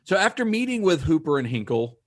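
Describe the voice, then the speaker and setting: A man hosting a podcast, recounting history in a relaxed, conversational way with some fillers. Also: a little high, a little fast. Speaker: podcast host. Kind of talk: casual chat, recounting history.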